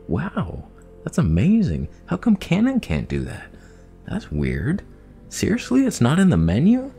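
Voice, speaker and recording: A wide-eyed little squirrel, as a man puts him on, chattering with mock amazement and teasing curiosity. His voice leaps up and down in lively swings. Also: fairly high pitch, measured pace, vocal fry, soft background music, pitched above the performer's own voice, heavily acted. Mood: mock amazed.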